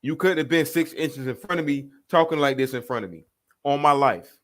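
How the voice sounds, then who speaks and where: Brief: man hosting a reaction video, mid-pitched, heated confrontational rant, swears a lot. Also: a little fast, a bit bright. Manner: confrontational, profane, calling people out.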